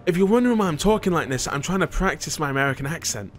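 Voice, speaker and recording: A man's voice: on the high side, lively intonation, very fast, pitched above the performer's own voice, lightly acted. A man putting on a shaky American accent while reading game lines aloud. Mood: playful.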